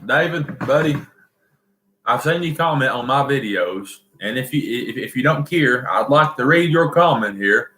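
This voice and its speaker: A man's voice: mid-range voice, expressive, normal speed, pushed and bright. Folksy Southern male livestream host, echoey room. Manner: folksy, rambling, reads viewer comments aloud. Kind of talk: casual livestream chat.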